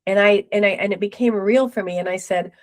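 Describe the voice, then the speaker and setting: Middle-aged woman, interview guest, animated storyteller, middle pitch. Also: brisk. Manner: animated retelling with acted quotes.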